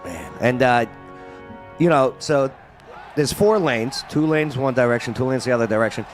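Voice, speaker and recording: Man, show host, joking banter, lively swinging pitch. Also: normal speed, soft background music. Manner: animated, joking, plugs the show. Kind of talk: casual talk-show banter.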